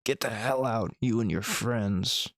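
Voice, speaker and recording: Guy putting on a gravelly drunk old man in his 60s, slow and bitter, game voice. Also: on the low side, a bit bright, no echo, clean studio sound. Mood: furious.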